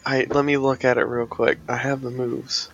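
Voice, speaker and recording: A man's voice: medium pitch, little pitch movement, normal speed, vocal fry, dull audio. A man playing a tabletop game, narrating his character with incredulous swearing and laughter. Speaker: player.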